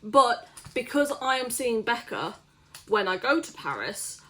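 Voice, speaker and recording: A woman's voice: a little high, very animated, unhurried, pushed and bright. Chatty British woman, book vlogger. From Britain. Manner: chatty, swears freely, ranting in mock outrage. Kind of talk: casual vlog chat.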